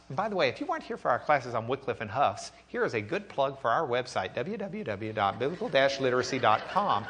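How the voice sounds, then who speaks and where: A man teaching an animated classroom lecture in a conversational, lively way, acting out quotes. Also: mid-range voice, quick pace, hardly any pauses.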